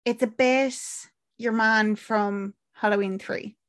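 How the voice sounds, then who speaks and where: A woman with an Irish accent co-hosts a podcast, casually recapping a film with lots of fillers and acted-out quotes as she rambles. Her voice is on the high side and a bit bright, with fairly even intonation and a slow pace.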